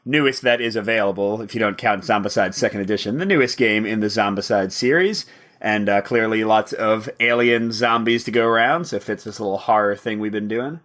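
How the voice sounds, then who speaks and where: Brief: male board game podcast co-host, bright, chatty, laughs at himself. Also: on the low side, brisk. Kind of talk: casual chat.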